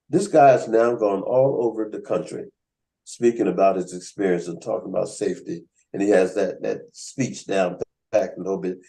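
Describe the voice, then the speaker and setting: On a video call, a man hosting a writers' workshop tells casual stories in a gravelly voice on the low side. He brings them to life by performing the voices of whoever he's quoting. The audio is poor.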